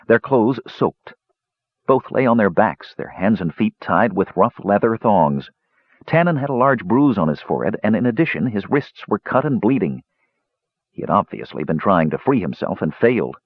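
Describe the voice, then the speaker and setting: A man narrates an audiobook in a low, husky voice, reading expressively. His pitch rises and falls a lot. The sound is dry and dull, like a lo-fi recording. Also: no echo.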